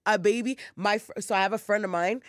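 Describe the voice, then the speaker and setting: A woman's voice: medium pitch, steady tone, a little fast. A woman co-hosting a podcast, telling a story casually and rambling, with lots of "like" and "whatever" and plenty of swearing. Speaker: podcast co-host. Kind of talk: casual chat.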